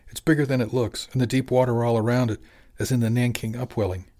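A man's voice: medium pitch, level tone, fast talker, dark tone, close to an everyday voice. A man reading an audiobook, voicing an easygoing middle-aged fishing boat skipper in a plain, friendly way.

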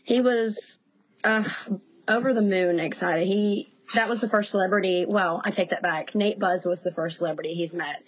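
A woman in her thirties, a guest in a casual interview, telling animated stories and laughing often. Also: medium pitch, moderate pace, low-quality recording.

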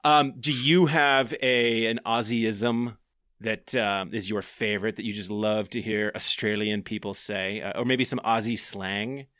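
A man's voice: fairly low pitch, fairly even intonation, measured pace, sharp tone, dry recording, clean studio sound. A man hosting a podcast from his home office, talking in a loose, rambling way. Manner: loose and rambling, with many fillers. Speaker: podcast host. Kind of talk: casual podcast chat.

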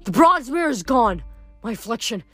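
A woman's voice: a little high, very animated, moderate pace, fairly bright tone, slightly rough, soft background music, voice pushed up, full character voice. A woman voicing a vain, self-adoring young man who speaks pompously and indignantly.

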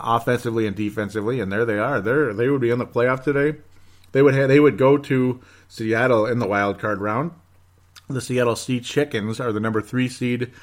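Male solo sports host, casual and sarcastic, rambles with mock outbursts. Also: medium pitch.

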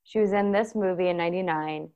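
A woman's voice: lowish voice, fast, warm tone, clean tone, muffled recording. A woman on a casual podcast, reading out details in a matter-of-fact way. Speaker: podcast co-host. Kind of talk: casual chat.

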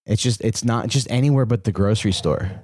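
A man's voice: fairly low pitch, a little mellow, dry recording, clean studio sound. A man co-hosting a podcast in casual chat, joking around and laughing often. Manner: joking, quick to laugh, lots of fillers. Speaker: podcast co-host.

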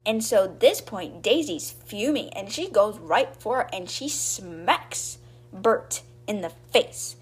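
Casting: young woman, chatty storyteller recap, slips into quick character voices, everyday pitch. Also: expressive, slightly rough. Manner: chatty, acts out quotes in brief voices. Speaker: podcast host retelling a book.

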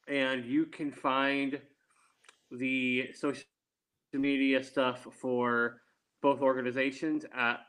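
A man speaks as an interview guest, taking his time over each answer. His voice sits at a middle pitch, and he explains things carefully and deliberately. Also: fairly bright tone, poor audio. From Texas. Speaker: guest, attorney.

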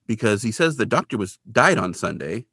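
A man talks through an old TV episode in a loose, chatty way, slipping into quick voices for the characters. His pitch jumps around a lot and his tone is bright and forward. The sound is dry and close, with no room around it. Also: sing-song, breathy edge, no room sound. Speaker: podcast co-host recapping an episode. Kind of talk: casual chat.

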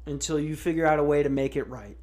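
A man's voice: fairly high pitch, quick pace, darkish tone. A man hosting a podcast, ranting in a casual, sarcastic way with lots of swearing and restarts. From United States. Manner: profane, sarcastic, rambling with restarts. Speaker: podcast host. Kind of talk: casual comedic rant.

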